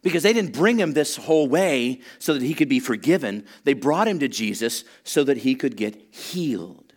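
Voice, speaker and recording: A man's voice: mid-range voice, moderate pace. A man preaching a sermon, telling a story with humor and acting out the voices of the people in it. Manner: animated storytelling, acts out voices, humorous asides. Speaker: pastor.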